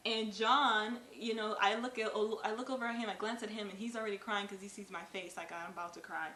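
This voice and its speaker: Bright young woman telling her story. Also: mid-range voice, steady tone. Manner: earnest, halting, with frequent fillers. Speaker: co-host, new mother. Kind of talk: casual personal storytelling. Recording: echoey room with faint noise.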